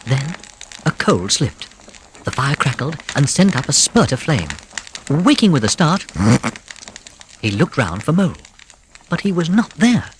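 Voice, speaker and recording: Expressive storybook narrator. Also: mid-range voice, unhurried, long pauses, a little hiss or hum. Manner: expressive, with whispered suspense. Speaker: audiobook narrator.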